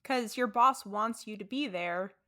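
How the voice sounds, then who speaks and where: A woman's voice: mid-range voice, unhurried, bright, forceful tone. A young adult woman co-hosting a podcast, playful and teasing, a little tipsy from wine. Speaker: podcast co-host. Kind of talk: casual chat.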